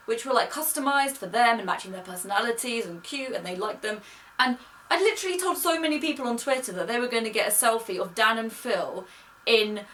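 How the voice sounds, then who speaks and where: A woman's voice: a little high, fairly bright tone. A young woman telling a story in a chatty, gushing way, recorded as a casual vlog. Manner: chatty, gushing, quotes people in her own voice. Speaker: vlogger. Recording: distant mic with faint noise.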